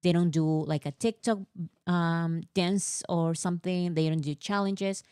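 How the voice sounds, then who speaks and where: A woman with a fairly low voice talks through a casual fan chat, animated and a little exasperated, piling on fillers as she over-explains. The sound is dry and close, with no room echo. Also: measured pace, clean tone. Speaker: co-host.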